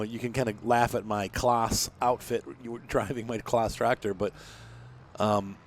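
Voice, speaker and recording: A man's voice: fairly low pitch, slight background noise. A man casually commenting on his farming game, rambling and thinking aloud with lots of fillers, sounding tired and yawning. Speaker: gameplay commentator. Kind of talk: casual let's-play commentary.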